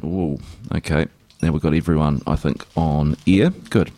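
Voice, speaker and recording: Deep-voiced New radio host. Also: male voice, fairly even intonation, moderate pace, mellow, no echo. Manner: loose, chatty, with frequent fillers and restarts. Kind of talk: casual radio talk and interview. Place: radio studio.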